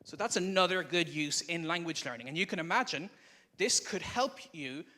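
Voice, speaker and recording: Bright-voiced man giving a conference talk. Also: fairly high pitch, lively intonation, normal speed, a little hiss or hum. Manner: conversational, explanatory. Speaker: conference speaker. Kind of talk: live presentation. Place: conference room before an audience. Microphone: microphone.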